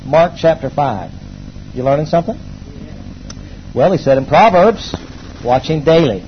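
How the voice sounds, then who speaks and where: Speaking at a measured pace, a pastor with a high-pitched voice animatedly preaches before his congregation in a church hall, belting some lines and murmuring others as quiet asides. He prompts the people to call things back to him. A faint hiss sits under the dull, slightly lo-fi recording.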